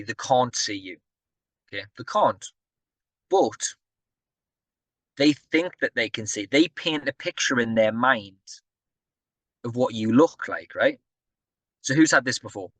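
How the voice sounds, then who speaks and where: A man's voice: medium pitch, a bit bright. A man delivering a motivational business talk in a mid-range voice. He speaks energetically and chattily, often asking the audience questions. The sound is dry and close, with little room echo.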